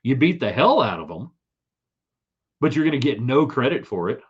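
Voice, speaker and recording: Very animated and at a moderate pace, this sports podcast host speaks in a medium, slightly rough voice while hosting a live sports stream. His chatty, opinionated commentary rambles with restarts, picked up by a streaming setup mic in slightly dull lo-fi audio.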